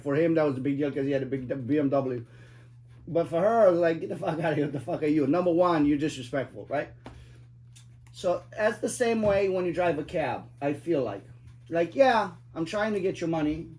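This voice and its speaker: A man's voice: a little high, darkish tone. A middle-aged man telling cab-driving stories in casual chat, profane and emphatic, rambling with lots of fillers.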